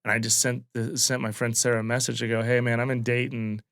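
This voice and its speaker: A comedian in his late thirties from Wyoming, spinning a rambling, profane story on a casual podcast. His voice has a gravelly, fry-edged texture at a middle pitch. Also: fast talker. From Wyoming, USA. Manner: loose, profane, animated anecdote telling. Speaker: guest comedian.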